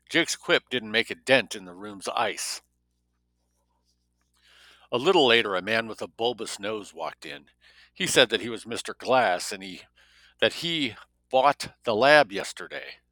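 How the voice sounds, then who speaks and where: A man with a lowish, bright and forceful voice reading a novel aloud. He stops now and then for wry asides on the story. The sound is dry and close. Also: no room sound, low-quality recording. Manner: breaks off reading for wry spoken comments. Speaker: story reader.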